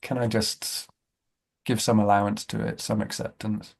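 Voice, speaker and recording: Gravelly man, thoughtful and searching. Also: on the low side, little pitch movement, normal speed. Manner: thoughtful, searching, repeats words. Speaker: self-inquiry group member. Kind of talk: reflective casual chat. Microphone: video call.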